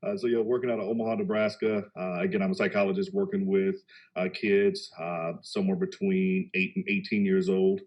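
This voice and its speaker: A man from Texas speaking as a psychologist on a panel, measured and reflective, with filler words. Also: low-pitched, level tone, darkish tone. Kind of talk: casual panel discussion. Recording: dull lo-fi recording.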